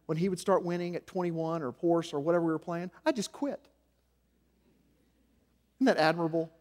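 A man preaching a sermon as senior pastor, swinging between loud emphasis and hushed, low passages. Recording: long hall reverb.

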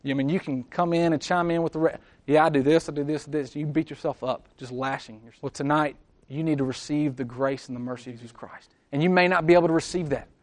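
Guy preaching, kinda higher voice, earnest, goes quiet then loud. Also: fast. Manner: earnest, swings between soft intimate lows and loud emphatic bursts. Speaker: pastor. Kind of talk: sermon.

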